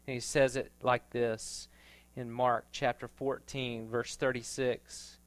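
A man preaching in a relaxed, storytelling manner, his voice smooth and resonant. The sound is close and dry, with no room echo. He can swell into loud, emphatic stretches. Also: mid-range voice, slow. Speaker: pastor. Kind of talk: sermon.

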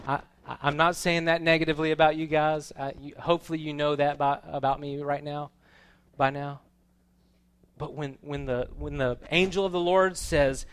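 A man preaching a sermon, moving between quiet, casual asides and loud, proclaiming readings of scripture. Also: fairly high pitch, fairly even intonation, normal speed, clear, resonant tone. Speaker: pastor. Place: church.

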